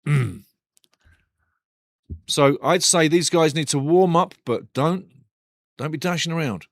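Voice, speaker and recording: A man's voice: a little high, slow pace, no room sound, studio quality. A man hosting a live football watch-along stream, chatty and joking, swearing casually and repeating himself. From United Kingdom. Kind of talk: casual live-stream chat and match commentary.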